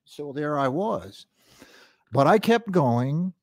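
Slow, reflective older man. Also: on the high side, expressive, darkish tone, dry recording, clean studio sound. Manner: reflective, halting with restarts. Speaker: singer-songwriter. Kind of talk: reminiscing storytelling.

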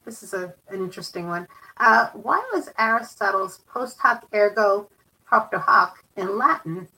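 A woman with a bright, crisp voice asks a guest questions, some of them read out from viewers. She sounds set back from the microphone and pauses on small fillers before each question. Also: medium pitch, far from the mic, rough recording. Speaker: interviewer. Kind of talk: interview questions.

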